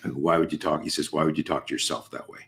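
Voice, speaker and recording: A man's voice: rumbling low, fairly even intonation, very fast, a bit bright. A middle-aged man hosting a casual interview, rambling with restarts and swearing freely. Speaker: host.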